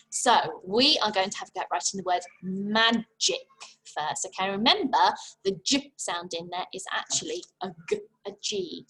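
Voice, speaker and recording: A young English woman teaching a phonics lesson to young children, sounding out letters slowly and praising them warmly. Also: mid-range voice, husky, low-quality recording. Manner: slow, exaggerated sounding out of letters; encouraging and praising. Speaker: infant school teacher.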